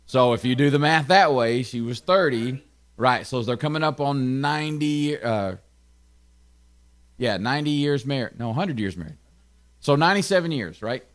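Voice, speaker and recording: A male pastor with a Southern US Tennessee accent gives relaxed, conversational Bible teaching in a mid-pitched voice. He's chatty, checks in with his listeners, and slips in quick asides.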